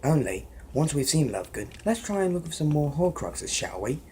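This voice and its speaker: Dry, determined teen wizard boy in a put-on british accent, mellow and low-key, a guy reading it out. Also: sing-song, normal speed, a little hiss or hum. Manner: reads aloud in a mock British accent.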